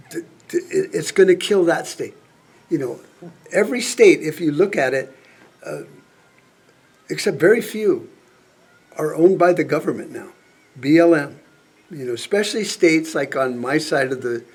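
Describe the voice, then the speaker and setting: A man's voice: medium pitch, slightly rough. A man vlogging a profane political rant, angry and sarcastic, swearing constantly. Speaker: prepper vlogger.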